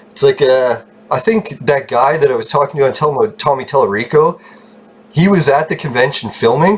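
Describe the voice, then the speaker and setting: A man telling a long rambling story in a casual vlog, swearing freely, getting excited and laughing often. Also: medium pitch, a little hiss or hum. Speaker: channel host telling a story.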